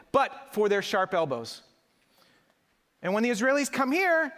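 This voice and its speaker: A middle-aged man delivers a live keynote at a conference, rhetorical and emphatic as he works the crowd. His voice is high and slightly bright, and the large hall gives the recording a strong echo.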